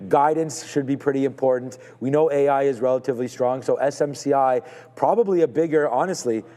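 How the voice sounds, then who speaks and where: A man's voice: medium pitch, fairly quick, mellow, big-room sound. A man co-hosting a live stock market show, talking through trades in a hedging, thinking-aloud way with many fillers.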